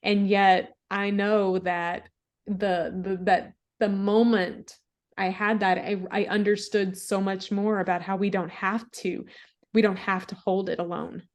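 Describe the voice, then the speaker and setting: A middle-aged woman with a mid-range voice tells a personal faith story in casual conversation. She talks in a reflective, easygoing way, restarting her sentences and laughing softly. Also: mid-range voice, level tone, a little slow. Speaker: podcast guest, author.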